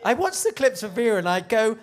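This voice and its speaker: A British man hosting a live cabaret club night, his voice bouncing lively up and down as he teases the performers. His banter is camp and quick-witted. The room adds a little live echo. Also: sits high. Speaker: host. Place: club stage with live band.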